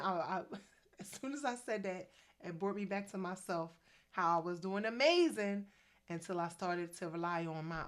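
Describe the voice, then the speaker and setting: A woman in her fifties talking casually to her camera about faith, chatty and preachy, with quick asides. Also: lowish voice. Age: 50s. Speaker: faith vlogger. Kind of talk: casual faith-based vlog talk.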